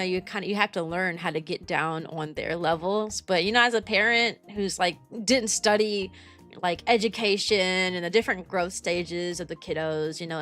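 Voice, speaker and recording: A young woman with a medium-pitched, fairly bright voice chats casually on a livestream. She works as a kindergarten teacher and streams as a VTuber, rambling with lots of fillers.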